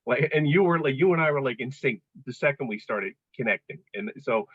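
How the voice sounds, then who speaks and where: A husky man in his fifties rambles through stories as a podcast guest, joking at his own expense and often restarting his sentences. The recording sounds a little dull and lo-fi, and it is dry and close. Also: mid-range voice, lively intonation, fairly quick, a bit bright, dry recording. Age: 50s. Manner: chatty storyteller, self-deprecating humor, many restarts. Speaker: guest, coaching client. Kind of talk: casual podcast conversation.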